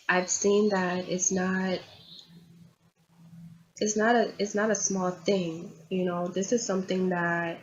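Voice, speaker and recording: Tarot-reader woman, lowish voice, earnest and confiding; dull lo-fi recording. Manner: earnest, confiding, repeats herself. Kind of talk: tarot reading monologue. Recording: dull lo-fi audio with faint background hiss.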